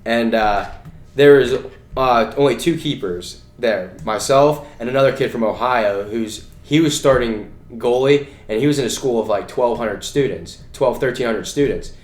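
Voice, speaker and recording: A man's voice: mid-range voice, normal speed. A young man co-hosting a casual podcast, telling rambling stories full of "you know" and "like". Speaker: podcast co-host. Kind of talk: casual chat. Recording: echoey room.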